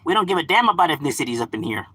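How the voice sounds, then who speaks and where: Lively slangy man from LA. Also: a little high, racing, slightly rough, no echo. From Los Angeles, California. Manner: slangy, laughs often, switches into Spanish words. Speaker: livestream host reading chat. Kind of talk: casual livestream chat.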